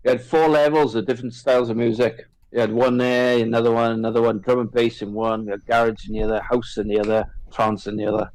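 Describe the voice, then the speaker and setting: A man's voice: medium pitch, level tone, quick pace, few pauses, darkish tone, low-quality recording. A man co-hosting a casual chat, loose and laughing, swearing freely as he reminisces.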